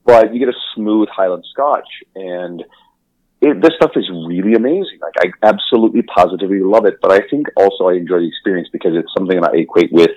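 A man co-hosting a podcast in casual chat, enthusiastic and quick to laugh, swearing freely. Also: deep voice, darkish tone, no echo, muffled recording. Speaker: podcast co-host.

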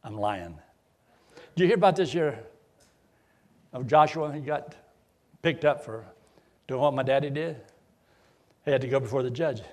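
A man's voice: medium pitch, moderate pace, pauses often. A middle-aged man preaching a sermon in a folksy, joking way. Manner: folksy, joking, animated delivery.

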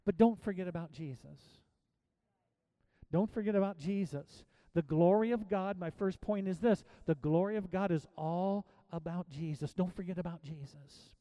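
A middle-aged man preaching as a pastor, swinging between soft pleading and loud emphatic exhortation with many repeated phrases. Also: high voice, normal speed, no room sound. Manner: preaching with rising and falling intensity, repetitive exhortations. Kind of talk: sermon.

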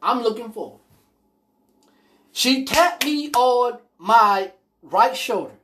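Woman podcast host, casual monologue, lively higher voice, blunt and profane. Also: takes it slowly, background noise. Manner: blunt, profane, animated storyteller.

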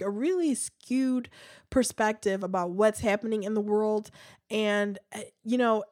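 A woman's voice: medium pitch, darkish tone, no room sound, clean studio sound. A woman hosting a casual, opinionated chat, full of fillers and restarts. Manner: chatty, frequent fillers and restarts.

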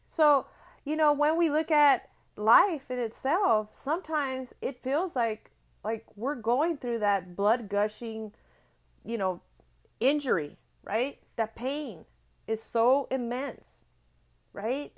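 A middle-aged woman gives an earnest motivational talk in a high-pitched voice, taking her time. She repeats phrases for emphasis and often checks in with "right?"

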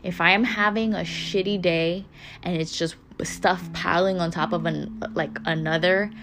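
A woman's voice: lowish voice, fairly even intonation, a little slow. A young woman hosting a podcast, giving a candid, casual motivational talk that swears freely and repeats phrases for emphasis. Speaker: podcast host. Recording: music playing underneath.

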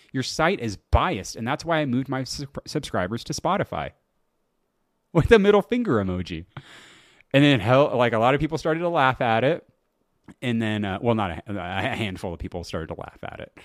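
A middle-aged man hosts his podcast solo, casually recounting a story with disbelief while swearing and laughing at his own tale. His voice is mid-range, picked up by a close podcast mic in a clean, dry studio recording.

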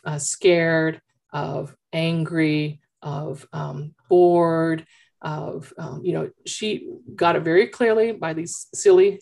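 A woman coach talking with parents in an animated, chatty storytelling way, through a headphone mic. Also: sits low, gravelly. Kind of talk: consultation with parents.

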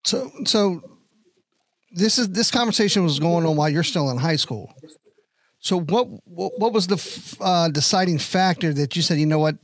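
A man interviewing a guest, asking questions with halting restarts. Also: high voice, animated.

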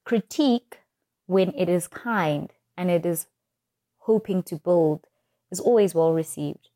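A young woman talks through a reflective podcast monologue, her voice set a little low and mellow in tone. She enunciates each word with deliberate care. The sound is close and dry, with no room echo. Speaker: podcast host.

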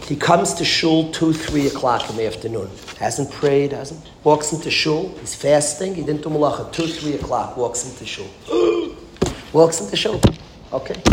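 A man, a rabbi, telling a story as a sermon, repeating phrases and swinging between hushed and loud. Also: fairly high pitch. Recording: echoey room with background noise.

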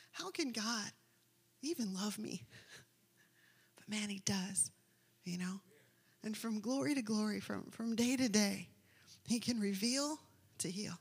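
A woman's voice: a little high, a bit bright, slightly rough. A woman preaching a sermon, telling a story with passion and acting out the characters' lines.

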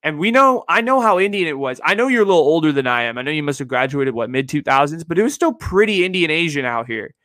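Young bay area guy rambling on his podcast, lotta "like" and "you know", bright tense voice, kinda high. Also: expressive, fast talker, hardly any pauses, no room sound, clean studio sound. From San Francisco Bay Area. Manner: rambling, repeats himself, heavy on "like" and "you know". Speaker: podcast host. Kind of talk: casual one-sided podcast monologue.

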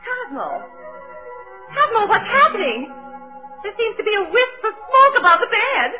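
An actress playing a fussy, doting wife who gushes and sobs melodramatically, in 1940s radio comedy style. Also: female voice, very high voice, very animated, normal speed, soft background music. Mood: melodramatic weeping. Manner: melodramatic, gushing and sobbing. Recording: tinny old radio broadcast.

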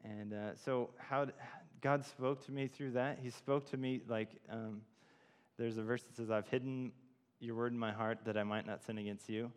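A man's voice: mid-range voice, fairly even intonation, moderate pace. A man giving an informal sermon, telling a personal story with many fillers and restarts. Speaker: church speaker. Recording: long hall reverb.

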